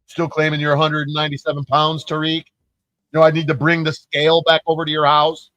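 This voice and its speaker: A man's voice: a little high, completely flat delivery, fairly quick, fairly bright tone, dry recording, rough recording. A man ranting on his own channel, profane and taunting, mocking the people he calls out. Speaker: YouTuber. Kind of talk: angry ranting vlog.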